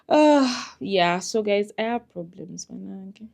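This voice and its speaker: A woman's voice: medium pitch, animated, takes it slowly, vocal fry, a little mellow. A young woman, chatting frankly to camera in a casual life-update vlog, laughing often and swinging from murmurs to squeals. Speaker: vlogger.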